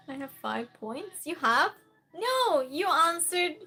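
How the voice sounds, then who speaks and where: A woman's voice: very high voice, lively intonation, very slow, pushed and bright, soft background music. A woman hosting a casual live stream, greeting viewers by name and reading their comments aloud during a true-or-false game.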